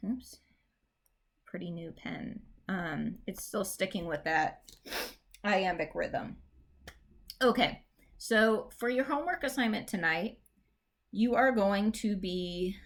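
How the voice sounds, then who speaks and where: Unhurried woman teaching poetic meter. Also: lowish voice. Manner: reads verse slowly with stressed beats; patient, explanatory, with fillers. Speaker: English teacher. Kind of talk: recorded lesson explaining poetic meter.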